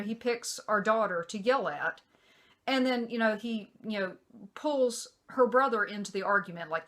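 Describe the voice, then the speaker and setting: A woman's voice: medium pitch, a bit bright. A middle-aged woman vlogger telling a personal story casually, exasperated and rambling, with many fillers.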